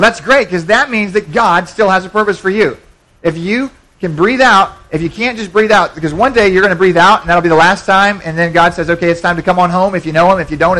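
A man's voice: high-pitched, fairly bright tone, rough recording. A man pastor preaching a sermon in a church, conversational, with frequent repetitions and restarts.

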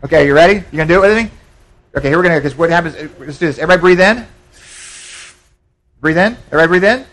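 A man's voice: a little high, very fast, pauses often, fairly bright tone, low-quality recording. A man pastor preaching a sermon in a church, conversational, with frequent repetitions and restarts.

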